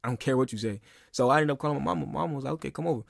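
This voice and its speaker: A man's voice: mid-range voice, very fast, creaky, no echo. A man in his twenties venting in a casual, emphatic, profane monologue that keeps circling back on itself. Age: 20s. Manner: emphatic, profane, repeats himself. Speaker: podcast guest.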